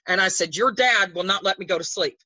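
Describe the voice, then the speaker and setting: An older woman, appearing as a guest, tells stories in a chatty, rambling way, restarting often and lifting her voice when quoting others. Her bright, forceful mid-range voice moves fairly quickly. The audio is poor, with no echo.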